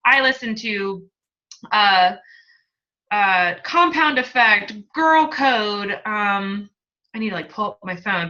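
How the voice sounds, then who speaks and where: A woman's voice: on the high side, sharp tone, muffled recording. A woman coach talking as a guest, candid and emotional, chatty and laughing as she tells her story. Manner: talkative, emotional, laughs often. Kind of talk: candid testimonial talk.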